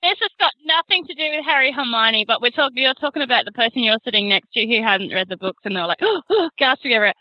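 A married woman telling a story in casual chat, chatty and quick to laugh. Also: on the high side, pushed and bright, no echo, poor audio.

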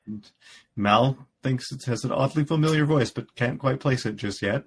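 A man's voice: mid-range voice, normal speed, a little hiss or hum. A man co-hosting a podcast, recapping a story in casual chat with a dry, wry delivery. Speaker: podcast co-host.

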